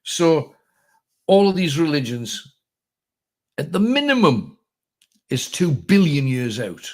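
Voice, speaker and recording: A man's voice: on the high side, sing-song, takes it slowly. A middle-aged man from North East England, hosting a casual, rambling livestream chat, reading viewer comments and telling jokes in a self-deprecating way. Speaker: host.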